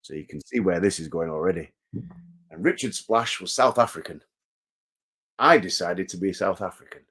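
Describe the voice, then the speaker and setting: A man with a fairly low voice chats as a guest in a casual interview. He rambles through stories with restarts and pokes fun at himself. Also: moderate pace, fairly bright tone, husky. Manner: self-deprecating, rambling storyteller. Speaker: guest wrestler.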